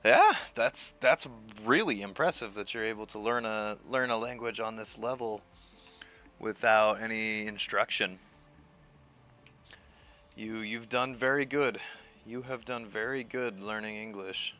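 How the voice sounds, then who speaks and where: A man's voice: on the low side, a little slow, pushed and bright. A man streaming live, chatting casually with his viewers, chuckling often and repeating words as he answers them.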